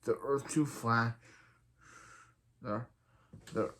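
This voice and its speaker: A man's voice: mid-range voice, steady tone, unhurried, slight background noise. Rambling man recapping a TV episode. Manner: rambling, retells scenes with constant "he's like" and filler "so, yeah"; quotes characters in his own plain voice. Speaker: TV show reviewer.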